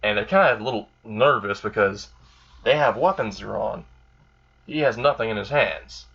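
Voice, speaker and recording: A man's voice: fairly low pitch, normal speed, vocal fry, fairly bright tone, slightly rough, dull audio. A man casually narrating an improvised fan story, rambling and filling gaps with "like" and "you know".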